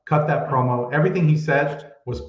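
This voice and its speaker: This man co-hosts a casual podcast and shares strong opinions, often thinking aloud and hedging before he lands a point. His voice comes through a reverberant room on a dull, lo-fi recording, with a middle-of-the-road pitch. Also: fairly quick. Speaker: podcast co-host. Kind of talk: casual wrestling chat. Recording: echoey room, dull lo-fi sound.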